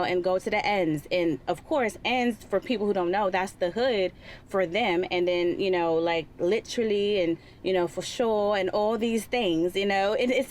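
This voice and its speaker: A woman's voice: fairly low pitch, slight background noise. Woman, young, from California, casual podcast talk, filler words, faint background ambience. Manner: chatty, many fillers, laughs. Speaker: podcast co-host. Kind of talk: casual chat.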